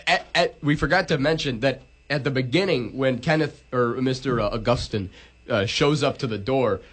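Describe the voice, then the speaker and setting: A man's voice: mid-range voice, normal speed. A young man talks through a movie plot with his friends in a loose, rambling way. He swears freely and trips over his own words, starting phrases over and over. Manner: rambling, profane, restarts a lot. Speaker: podcast co-host. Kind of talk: casual movie recap chat.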